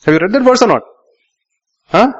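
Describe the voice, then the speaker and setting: A man's voice: sits high, animated, brisk, slightly rough. Male pastor, muffled sermon recording. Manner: questions the congregation, repeats lines for emphasis.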